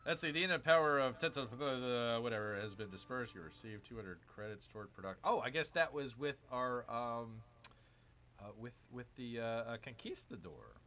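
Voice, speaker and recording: A man streaming a strategy game, commenting excitedly, reading viewer chat and calling his audience "people". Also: medium pitch, moderate pace, slight background noise. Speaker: gaming streamer.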